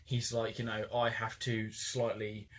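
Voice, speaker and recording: A man's voice: on the low side, completely flat delivery, measured pace. A young man co-hosting a casual film podcast, rambling with many restarts. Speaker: podcast co-host.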